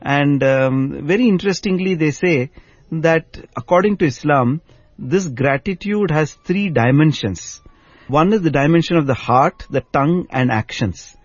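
A man speaking in a measured, thoughtful way in a conversation, explaining a spiritual idea. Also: on the high side, no echo, muffled recording. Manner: measured, thoughtful, frequent murmured agreement. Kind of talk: reflective conversation.

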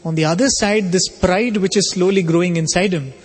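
A man giving a spiritual talk, telling a story in a measured, explanatory way. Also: high-pitched, husky. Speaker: spiritual speaker. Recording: long reverb of a hall.

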